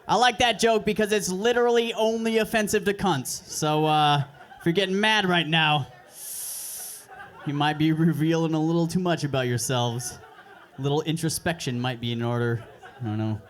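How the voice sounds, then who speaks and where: A young man doing a stand-up set at an open mic, with crude, deadpan, self-mocking delivery on a handheld stage mic. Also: on the high side, moderate pace, some chatter behind. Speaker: stand-up comedian. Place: comedy club stage.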